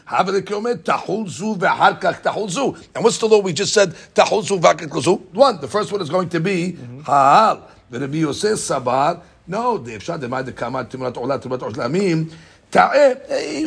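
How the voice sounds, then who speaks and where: A man leads a casual Talmud study session, rattling off the text at speed before explaining it. His voice sits a bit high and has a gravelly edge. He often stumbles and repeats words as he talks it through. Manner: reads Aramaic text rapidly and explains it in English. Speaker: Talmud teacher.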